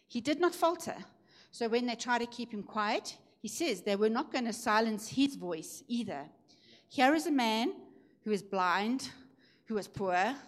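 Middle-aged female preacher, slightly high voice, emphatic sermon delivery. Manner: emphatic, swings pitch up for acted shouts.

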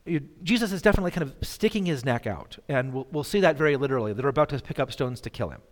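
A man teaching a bible lesson to an audience, halting and self-deprecating, with many fillers and restarts. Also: medium pitch, animated. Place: hall in front of an audience. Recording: long hall reverb.

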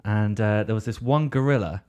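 A man's voice: on the low side, normal speed, darkish tone, smooth. A young man hosting a podcast, telling a rambling comic anecdote in casual talk and swearing freely. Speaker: podcast host.

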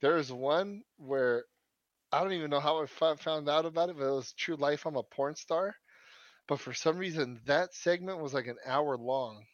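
A man's voice: on the high side, normal speed, dry recording. Slangy, profane man on a slightly dull mic. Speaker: podcast co-host. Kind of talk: casual chat.

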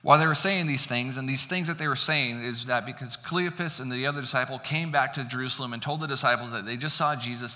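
A man's voice: mid-range voice, sharp tone. A man pastor giving a casual, conversational sermon with chatty, self-deprecating asides. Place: church sanctuary. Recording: long church hall reverb.

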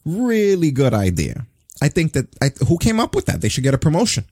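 A man hosting a casual wrestling news chat, sarcastic and animated, swearing as he rants. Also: fairly high pitch, rapid-fire, breathy edge, no room sound, clean studio sound. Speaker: podcast host.

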